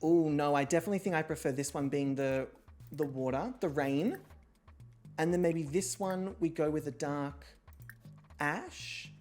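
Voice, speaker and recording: A woman's voice: deep voice, a little slow, soft background music. Chatty swearing woman streamer. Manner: chatty, swears freely, self-deprecating, bursts into loud excited outbursts. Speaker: streamer hosting an online reality show. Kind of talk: casual livestream chat.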